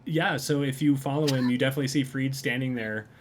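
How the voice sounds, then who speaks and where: A man's voice: mid-range voice, steady tone, fast, slight background noise. A man casually narrating as game master of a tabletop game, rambling with frequent fillers.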